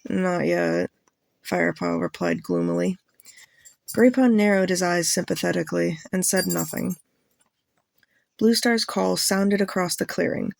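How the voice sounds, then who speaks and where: A woman reading a novel aloud as a fan audiobook, narrating in an even, plain storytelling manner. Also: on the low side, normal speed, gravelly, no echo.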